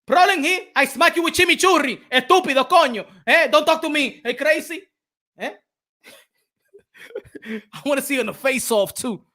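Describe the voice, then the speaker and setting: A man's voice: very high voice, normal speed, pauses often, pitched above the performer's own voice. A man impersonating a cocky male boxer with a Dominican Spanish accent, taunting in broken English mixed with Spanish curses. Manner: taunting, shouting, mocking.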